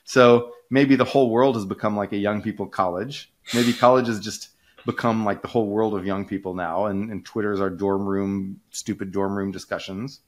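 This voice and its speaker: A man with a lowish voice talks through economic ideas like a relaxed podcast host. He rambles, restarts his sentences and stacks up fillers, picking up speed when an idea grabs him. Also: normal speed. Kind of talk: casual conversational explaining.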